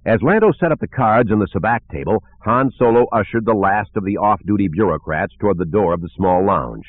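A man reading a novel aloud as narrator, in an expressive reading style. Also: on the low side, fairly quick. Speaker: audiobook narrator. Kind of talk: scripted narration. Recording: narrow phone-like sound.

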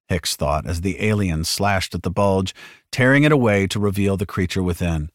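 A man reading an audiobook with dramatic narration, shouting the characters' lines at full force. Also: deep voice, moderate pace, no echo, clean studio sound.

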